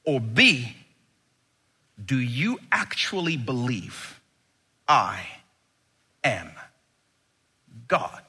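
A man voicing a calm teacher who answers with slow, pointed questions. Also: medium pitch, husky, voice pushed down, full character voice. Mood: probing. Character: calm wise male teacher, probing.

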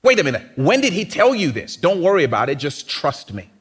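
A man's voice: a little high, very animated, a little fast, husky. A man preaching a sermon in a conversational, teasing way, often acting out mocking quotes.

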